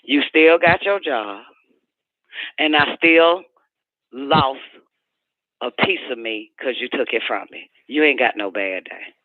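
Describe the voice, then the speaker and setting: A man's voice: medium pitch, expressive, slow, pauses often, no echo. A man voicing a furious woman who rants and curses scornfully at her partner, over a phone-like radio line. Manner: profane, shouting, scornful rant.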